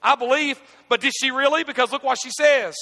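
A male pastor preaching with high, gravelly intensity, his voice ringing out in a big church. He swings from loud, dramatic outbursts to near-whispered moments. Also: brisk, in a large hall. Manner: dramatic, swings between shouting and near-hushed speech. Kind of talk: sermon.

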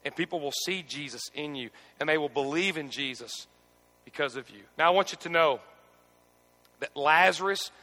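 A man preaching a sermon as pastor, swinging between shouting and near-hushed speech. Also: a little high, normal speed, big-room sound.

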